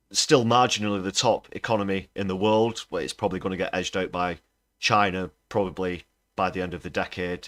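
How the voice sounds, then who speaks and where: Deep-voiced indignant man ranting. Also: fairly bright tone. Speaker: livestream host. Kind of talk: political commentary.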